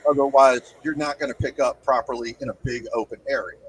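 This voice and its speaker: A man's voice: mid-range voice, fairly even intonation, fast, a little hiss or hum, poor audio. A man in a casual podcast chat, explaining his opinions at length and swearing now and then.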